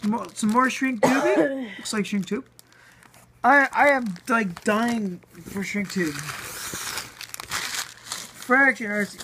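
A woman recording an unboxing vlog for her hobby. She gushes in slangy, excited speech, swears now and then, and stammers over her words. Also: on the high side, slow pace, pauses often, a little hiss or hum. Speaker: RC hobby vlogger.

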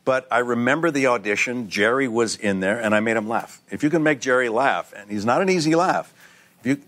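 Older male guest, animated storyteller who does voices, mid-range voice, TV studio. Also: mid-range voice, fairly quick. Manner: animated storyteller, acts out other people's voices. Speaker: guest actor. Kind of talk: casual anecdotal chat. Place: TV talk show studio.

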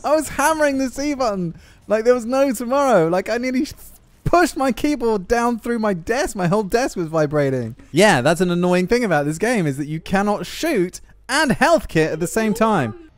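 A man giving jokey, self-mocking gameplay commentary with quick asides. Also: high-pitched, expressive, no room sound. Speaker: gaming YouTuber.

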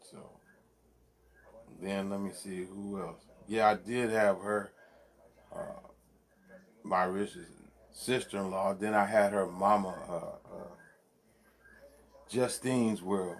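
A man's voice: low-pitched, steady tone, slow pace, pauses often, slight background noise. A man vlogging from his home man cave, chatting loosely and profanely and laughing often as he rambles. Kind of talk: casual rambling commentary.

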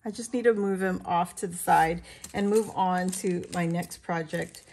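A woman crafting vlogger talking casually to her viewers as she shows her handmade pieces, chatty and quick to laugh. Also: on the low side, vocal fry, darkish tone. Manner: chatty, laughs often, talks to viewers while showing her work.

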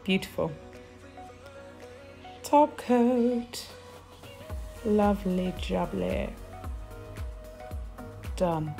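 This British nail technician has a medium-pitched, darkish voice with vocal fry. She chats casually through a polish-swatching tutorial, gushing with small exclamations.

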